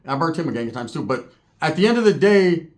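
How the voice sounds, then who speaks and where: A man's voice: a little high, sing-song, fast, a little mellow. A man telling rambling, profane, joking stories in casual talk. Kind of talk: casual storytelling.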